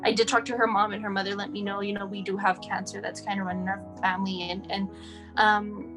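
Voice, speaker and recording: Woman from Texas, interview guest, rambling and chatty, mid pitch, faint guitar under her. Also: little pitch movement, fast talker. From El Paso, Texas. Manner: rambling, chatty, many fillers. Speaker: guest, mother of a sick child. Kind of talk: casual interview.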